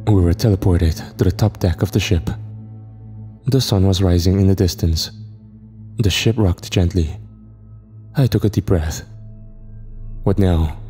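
Deep, dark-voiced male horror narrator. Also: normal speed, long pauses. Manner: steady, reflective first-person narration. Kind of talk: first-person horror story narration. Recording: reverb with faint music.

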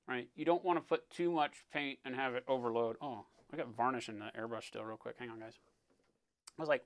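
A man talking through a live-stream painting tutorial in a relaxed, explanatory way, often checking in with "right?" and sometimes muttering as he works. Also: medium pitch, fast. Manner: muttering while working. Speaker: miniature painting instructor.

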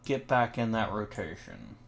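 A young man with a fairly low voice talks through a sports management game as he plays. He thinks aloud about trades and the roster, and sarcastically answers back to his complaining virtual players. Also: very animated, normal speed, vocal fry. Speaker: gaming channel host. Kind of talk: let's play commentary.

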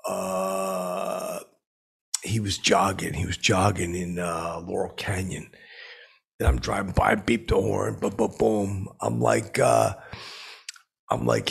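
Gravelly rambling man telling a story. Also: fairly low pitch, flat delivery. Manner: rambling, halting, belligerent bluster with shouted asides. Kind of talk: rambling comedic anecdote.

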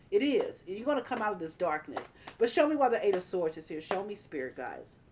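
A woman with a medium-pitched voice delivers a tarot reading monologue over background noise. Speaking directly to the listener, she reads the cards emphatically and repeats her phrases.

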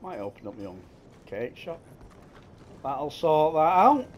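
A man's voice: on the high side, big pitch swings, unhurried, lo-fi sound, a little hiss or hum. A man commentating his gameplay and swearing crudely as he jokes at game characters.

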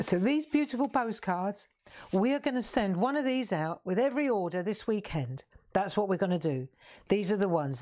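Medium-pitched and a little mellow, this middle-aged woman runs a live craft show. She's chatty and playful, joking with viewers and breaking into bits of song as she displays her crafts.

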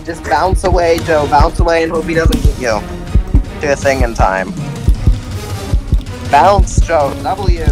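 A man chatting with friends while they play an online game together, excitable and teasing, shouting warnings when things get tense. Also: a little high, unhurried, pauses often, over music. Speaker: player in a group voice chat. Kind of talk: casual gaming chat. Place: at home with a cat nearby.

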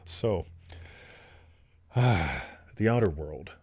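A man's voice: sits low, sing-song, very slow, darkish tone, breathy edge, no echo, clean studio sound. A man co-hosting and teaching in a playful, joking and crude way, who keeps asking "right?". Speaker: co-host and teacher. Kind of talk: casual teaching chat on a livestream.

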